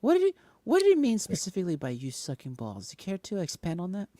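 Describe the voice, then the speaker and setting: A man co-hosting a casual podcast chat, joking and laughing often in quick bursts. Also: high voice, wildly swooping pitch, mellow, dry recording. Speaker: podcast co-host.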